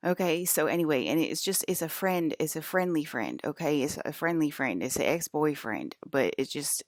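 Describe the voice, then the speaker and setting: Low-voiced woman ranting in a rambling vlog. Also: expressive, moderate pace, few pauses, dry recording, clean studio sound. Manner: profane, agitated, rambling with many fillers. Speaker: vlogger. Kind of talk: rambling monologue about dreams.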